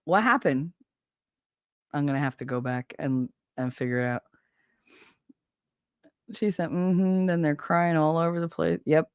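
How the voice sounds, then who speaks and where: A woman's voice: on the low side, dry recording, studio quality. Blunt, foul-mouthed woman streaming. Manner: blunt and profane, rambling. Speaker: livestreamer. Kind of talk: casual stream chat. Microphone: desk microphone.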